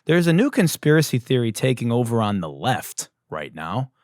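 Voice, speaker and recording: A man hosting a satirical news show, ranting loudly and swearing, his voice going hoarse from yelling. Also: sing-song, moderate pace, no room sound, studio quality. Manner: swings from loud yelling to low mutters, swears. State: losing his voice. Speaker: comedy news host.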